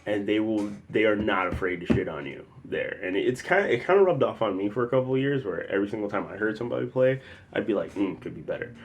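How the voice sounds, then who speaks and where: This is casual spoken storytelling from a young man from the Chicago area, whose lowish voice moves at a quick, animated clip. He rambles loosely through a personal story, full of fillers, sometimes breaking into loud acted-out quotes.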